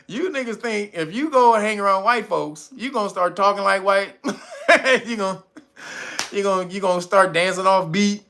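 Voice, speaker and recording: A man's voice: high-pitched, moderate pace, pushed and bright. A man hosting a casual commentary monologue, blunt and profane, laughing often. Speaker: channel host.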